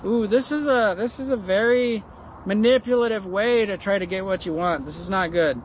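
A man's voice: sits high, moderate pace, highs cut off, a little hiss or hum. A man giving an informal Bible teaching in a chatty way, often putting rhetorical questions to the listener. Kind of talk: informal Bible study talk.

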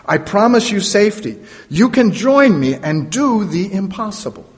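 A man preaching a sermon, voicing a calm male teacher who gently gives permission and promises safety. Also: sits high, normal speed, pitched above the performer's own voice. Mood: reassuring. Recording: long reverb of a large hall.

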